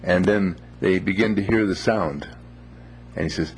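A man telling a moral story in a gentle, unhurried, folksy way, with homely phrases. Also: low voice, slight background noise.

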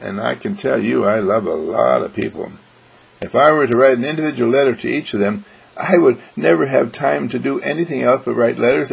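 A man's voice: medium pitch, creaky, breathy edge, low-quality recording. A man hosting an inspirational program, speaking in an earnest, preacherly way and acting out everyday exchanges to make his points. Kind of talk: inspirational radio talk.

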